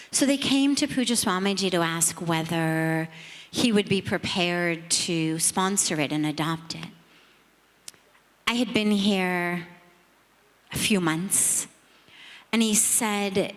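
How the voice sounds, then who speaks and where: A middle-aged woman, a spiritual teacher, telling a reflective story to an audience in a measured, earnest, emphatic way. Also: fairly low pitch. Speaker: spiritual teacher speaking on a panel. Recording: long reverb of a large hall.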